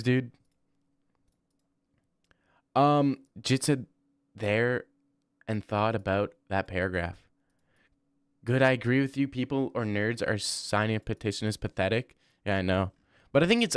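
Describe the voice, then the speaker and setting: Young male streamer, casual and profane, riffs on chat mid-game; average pitch, dead-dry sound. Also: fairly bright tone, smooth, no echo. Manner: rambling, profane, reacting to chat. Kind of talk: casual livestream chat while gaming.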